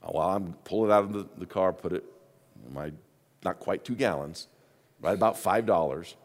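A man preaching a sermon as the pastor, telling stories with his voice swinging from hushed asides to loud exclaims. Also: deep voice, moderate pace.

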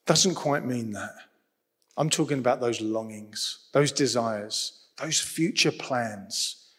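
A man preaching a sermon in a lively, humorous, conversational way. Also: mid-range voice, slow pace, husky. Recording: long reverb of a large hall.

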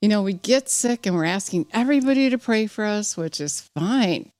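A woman preaches a fervent personal sermon, exhorting her listeners, reading scripture aloud with a few slips, and rising to emphatic peaks. Her medium-pitched voice is expressive and darkish at normal speed, with no room sound.

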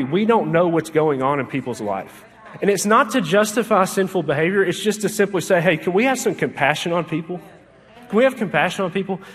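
A man's voice: fairly high pitch, big-room sound. A young man preaching a sermon in a chatty, joking way, full of "like" fillers, from a church sanctuary. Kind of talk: sermon with personal stories.

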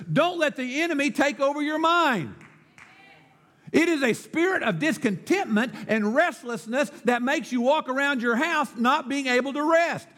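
A man's voice: extremely high pitch, fairly bright tone. A male pastor preaching a sermon, emphatic and declamatory, firing rhetorical questions, with long church reverb.

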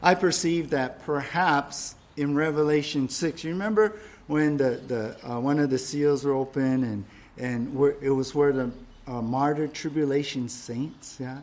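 A man's voice: a little high, fairly even intonation, measured pace, darkish tone. A man preaching a sermon, emphatic and repetitive, often checking in with the listeners. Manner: emphatic, repeats phrases, frequent "right?" checks. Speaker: pastor.

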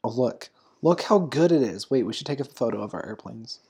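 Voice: mid-range voice, animated, a little fast, a little mellow, breathy edge. A young podcast host chatting casually, rambling through notes with frequent ums and giggles. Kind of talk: casual chat.

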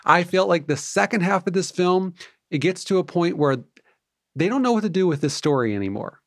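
A man's voice: sits high, expressive, fairly quick, dry recording, studio quality. A man co-hosting a casual podcast, giving candid, joking opinions, with plenty of hesitant fillers. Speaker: podcast co-host. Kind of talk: casual chat.

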